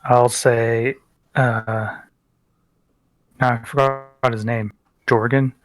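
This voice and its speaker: Hesitant player, dry close sound. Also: male voice, medium pitch, flat delivery, very slow, no echo. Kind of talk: casual tabletop play.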